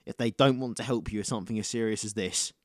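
A man's voice: lowish voice, fast, no echo. Young guy ranting bluntly on a podcast, lots of swearing, dry close sound. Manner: blunt, swears freely, emphatic repetition. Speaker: podcast co-host. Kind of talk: casual podcast chat.

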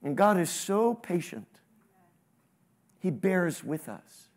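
A man preaching a sermon, with sudden rises in pitch and volume and questions to the congregation. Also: sing-song, slow. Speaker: pastor.

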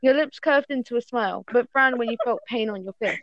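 A woman's voice: fairly high pitch, brisk, fairly bright tone, no room sound, dull audio. A woman reading fan fiction aloud to friends in a casual call, often stumbling and correcting herself.

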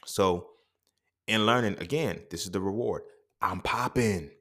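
A young man hosting a casual podcast monologue, swearing freely and acting out quoted dialogue in his stories. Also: unhurried. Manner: profane, streetwise storytelling with quoted dialogue; animated, jumps up in pitch when quoting. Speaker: podcast host.

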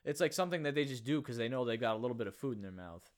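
A man's voice: mid-range voice, lively intonation, very fast. Joking man in casual chat. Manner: jokey, bursts into shouted impressions.

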